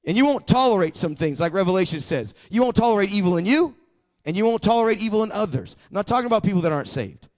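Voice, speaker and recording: A man with a high-pitched voice preaches a sermon as a personal story. He talks conversationally, often restarting his words. Then he presses his points with growing fervor. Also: lively intonation, fast, darkish tone. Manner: conversational testimony, swelling into fervent emphasis; frequent stammered restarts. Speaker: pastor.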